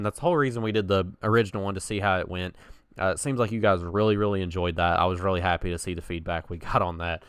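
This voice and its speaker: A man's voice: lowish voice, a bit bright, clear, resonant tone, no echo. A young man co-hosting a casual podcast, telling gaming stories in a chatty way and laughing at his own tales, on a close mic. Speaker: podcast co-host.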